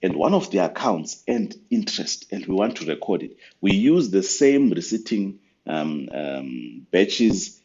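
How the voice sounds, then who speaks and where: Deep-voiced man explaining software, dull audio. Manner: patient, step-by-step explaining with fillers. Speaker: church finance software trainer. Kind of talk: screen-recorded software tutorial.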